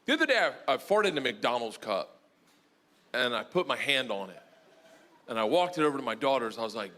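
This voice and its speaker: A man performing a stand-up comedy set on a live stage, telling stories loudly and acting out other people's voices. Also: a little high, moderate pace, long pauses. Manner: loud, animated storytelling with acted-out voices.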